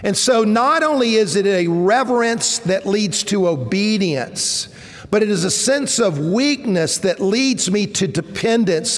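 A man in his fifties delivers a sermon in an earnest, measured way. His voice sits high and moves at an unhurried pace, rising in strength at points of emphasis. A long church-hall reverb trails each phrase. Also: animated. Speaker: preacher. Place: church sanctuary.

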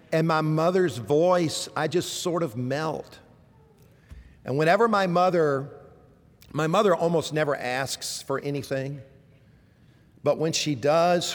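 Southern preacher guy, middle-aged, kinda high voice, goes loud then soft, church echo. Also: slow. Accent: Southern American. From American South. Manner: emphatic preaching, swinging from loud exhortation to soft tender asides. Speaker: pastor. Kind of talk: sermon.

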